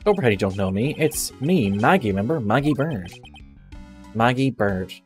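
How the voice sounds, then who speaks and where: A man's voice: medium pitch, animated, normal speed, soft background music, natural voice. A man voicing an unlucky, cheerful young woman, a former policewoman who talks earnestly and keeps calling people sir, read aloud from a video game. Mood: upset. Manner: earnest, self-pitying, ends lines with "sir". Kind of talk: reading game dialogue aloud.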